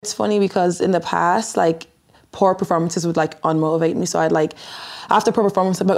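Twenties dublin girl, lowish gravelly voice, says like a lot, just chatting. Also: fairly quick, a little mellow. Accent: Irish, Dublin. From Ireland. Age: 20s. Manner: chatty, lots of "like" fillers. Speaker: athlete interviewee. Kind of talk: casual interview talk.

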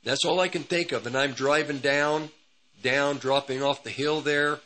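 A man's voice: a little high, steady tone, moderate pace, bright, forceful tone, poor audio. A man hosting a radio ministry program, telling a personal testimony in a rambling, repetitive way. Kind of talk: testimony storytelling.

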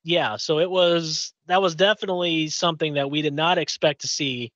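A man's voice: a little high, fairly even intonation, normal speed, fairly bright tone, no echo, dull audio. Rambling storyteller man from Indiana. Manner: rambling storyteller, lots of fillers and restarts. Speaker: podcast co-host. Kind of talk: casual chat.

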